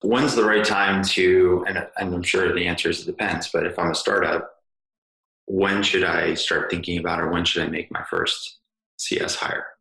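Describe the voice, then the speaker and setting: A man's voice: low-pitched, steady tone, normal speed, creaky, pushed and bright. A man hosting an interview podcast, talking in a casual, rambling way with lots of fillers. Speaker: podcast host. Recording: roomy echo.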